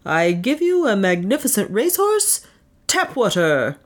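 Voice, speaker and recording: A woman's voice: medium pitch, very animated, unhurried, voice pushed up. A woman voicing a male race official who makes a grand public announcement. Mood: grandiose. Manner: grand, announcer-style proclamation.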